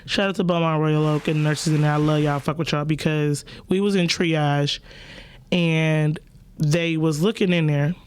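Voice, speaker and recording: A woman's voice: sits low, moderate pace, a little hiss or hum. A woman, hosting a podcast and telling stories in a loose, profane, playful way. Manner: animated storytelling, profane, playful. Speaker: podcast host. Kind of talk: casual chat.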